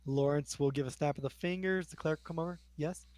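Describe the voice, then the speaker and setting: A man's voice: on the high side, fast, darkish tone. A man acting as game master, narrating scenes in a casual tabletop role-playing session. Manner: casual, describing scenes at length.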